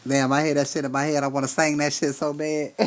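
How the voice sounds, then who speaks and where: A man giving spiritual readings on a casual live stream, cursing freely, laughing often and talking straight to his chat. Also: on the high side.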